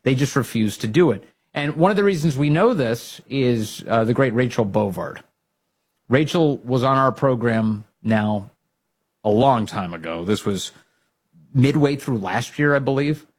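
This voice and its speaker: A man hosting a political talk show, giving emphatic, fired-up commentary that rises to loud exhortations. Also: mid-range voice, animated, unhurried, husky. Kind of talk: opinionated commentary.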